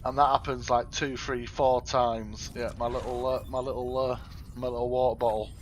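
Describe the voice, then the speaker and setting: A man's voice: medium pitch, level tone, normal speed, slight background noise. Brief: man, middle-aged, casual stream chat, stop-start delivery. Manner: rambling, talks to chat, frequent self-corrections. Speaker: live streamer. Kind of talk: casual chat while gaming.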